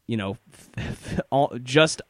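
A man hosting a podcast in casual, animated chat, laughing often and talking in quick bursts. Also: medium pitch, dry recording, clean studio sound. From Detroit area. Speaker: podcast host.

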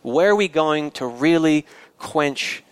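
A man's voice: a little high, lively intonation, slow, clean tone, dry recording. Man preaching a sermon, chatty, stops and restarts, dry close sound. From rural area. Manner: conversational, with restarts and asides. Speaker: pastor.

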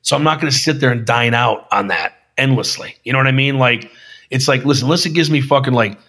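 A man with a husky, slightly rough voice talks in a loose, casual podcast chat. He swears often and keeps tossing in dude and brother as he speaks. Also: mid-range voice, quick pace, pushed and bright. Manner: profane, calls listener dude and brother. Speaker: filmmaker guest.

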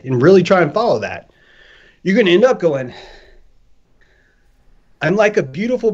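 A man talking loose and animated on a podcast, swearing freely and acting out little voices as he argues. His voice sits a bit high, and the audio is dull and lo-fi. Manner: animated, profane, acts out voices. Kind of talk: casual chat. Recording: dull lo-fi sound.

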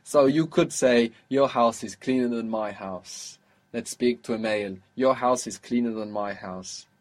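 A man's voice: medium pitch, a little slow. A man teaching a one-on-one lesson, explaining patiently and repeating words for the learner. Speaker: Arabic teacher.

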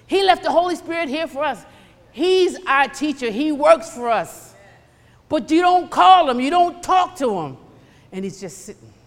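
A woman's voice: sits high, moderate pace. Emphatic woman preaching in a reverberant hall. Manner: emphatic and animated, swinging between loud and hushed. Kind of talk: sermon.

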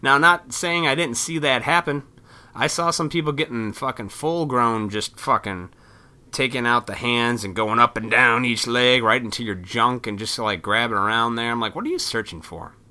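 A man casually telling a rambling travel story, profane and animated, slipping into voices when quoting people. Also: medium pitch, moderate pace.

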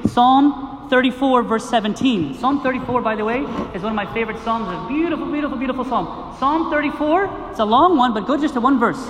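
Man, priest, very high voice, sermon, rhetorical questions, echoey gym. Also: brisk, few pauses. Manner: animated preaching with rhetorical questions and repetition. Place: gym used for a liturgy. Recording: echoey gym with long reverb and faint noise.

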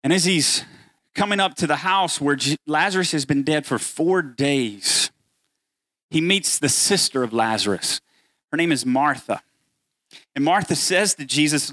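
A man's voice: fairly high pitch, lively intonation, normal speed, bright, forceful tone, no room sound. A man preaching a sermon as pastor, earnest and building to emphatic peaks as he voices the words of scripture.

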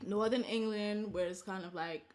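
A woman's voice: mid-range voice, steady tone, normal speed, a crowd in the background. A young woman co-hosting a podcast in casual chat, blunt and rambling, laughing a lot. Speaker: podcast co-host.

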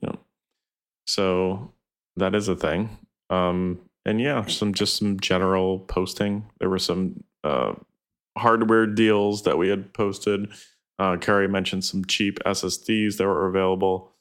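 A man with a low, deep voice reading through gaming news on a podcast. He sounds plain and matter-of-fact and drifts along with fillers between his points. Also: steady tone, slow, clear, resonant tone. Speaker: podcast co-host. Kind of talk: casual gaming podcast chat.

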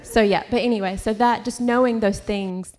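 Young woman telling her story at church, lots of ums, heartfelt, mid-pitched. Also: steady tone, moderate pace, a little mellow, slight background noise. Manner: heartfelt, rambling, lots of fillers and restarts. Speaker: parent giving a church testimony. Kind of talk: personal testimony in church.

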